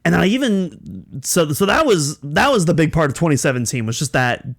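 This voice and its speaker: A young man hosting a podcast, telling a personal story in an excitable way, with many restarts and fillers. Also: fairly high pitch, normal speed. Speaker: podcast host.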